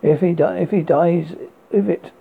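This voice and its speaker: An anxious, earnest young British gentleman, as a man reads him aloud, with a note of reproach. The voice is very gravelly and husky, and the sound is tinny and phone-like. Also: fairly high pitch, moderate pace. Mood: uneasy.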